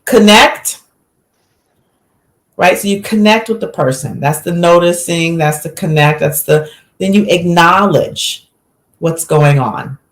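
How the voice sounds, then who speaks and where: A woman physician, a guest on a podcast, telling a story with lively acted-out quotes in a relaxed conversational way. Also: fairly low pitch, measured pace, reverberant. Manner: animated storyteller, acts out quotes.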